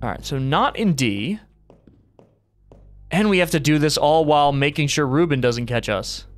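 Man, gaming streamer, thinking aloud, jumpy reactions, bouncy expressive voice, soft game music underneath. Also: on the high side, normal speed, dry recording. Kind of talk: let's play commentary.

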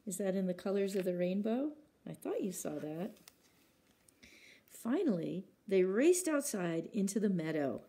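A woman's voice: mid-range voice, big pitch swings, unhurried, mellow, slightly rough. A woman librarian reading picture books aloud at children's story time, acting out sound words and stopping to ask the children questions.

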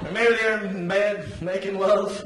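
A man telling an animated stand-up story on stage, acting out other people in big voices. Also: high-pitched, unhurried, very noisy. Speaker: stand-up comedian. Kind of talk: stand-up comedy set. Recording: live club recording, roomy, loud crowd. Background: audience laughter.

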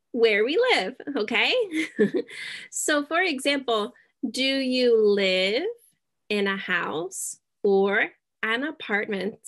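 Slow, deliberate woman English teacher. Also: fairly high pitch, a bit bright. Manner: slow, deliberate, checks in with "okay?"; drops in Spanish words. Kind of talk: slow beginner English lesson.

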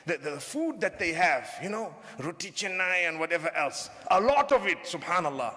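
A man's voice: on the high side, big pitch swings, moderate pace, sharp tone. A man preaching a humorous sermon to a crowd, often asking them questions. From southern Africa. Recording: long hall reverb.

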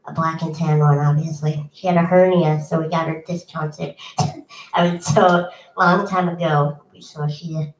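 The young musician's voice sits low, with fairly even intonation and an unhurried delivery, as she talks between songs at an indoor home concert. She peppers her casual remarks with ums and pokes fun at herself, and the distant recording picks up room echo.

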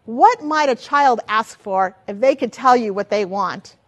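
An older woman giving a lively teaching talk as a children's ministry trainer, asking many rhetorical questions. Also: on the high side, measured pace, hardly any pauses, muffled recording.

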